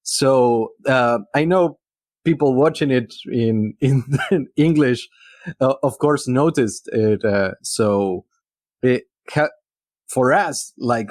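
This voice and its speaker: A man in casual chat, lively and laughing often. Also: mid-range voice, slow, no echo, clean studio sound.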